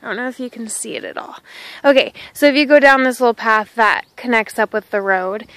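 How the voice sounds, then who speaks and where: Chatty high-voiced woman walking outdoors. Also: lively intonation, a little fast, fairly bright tone, clean tone, dry recording, low-quality recording. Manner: chatty and rambling, talks to her dog. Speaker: vlogger. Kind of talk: casual walking vlog. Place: outdoors on a country path. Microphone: handheld phone camera.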